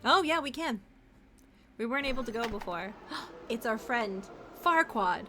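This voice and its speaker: A woman's voice: on the high side, animated, measured pace, pushed and bright, slight background noise. A young woman casually chatting as she streams a video game, playful and talkative. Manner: chatty, playful, talks to chat and pets. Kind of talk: casual gameplay commentary.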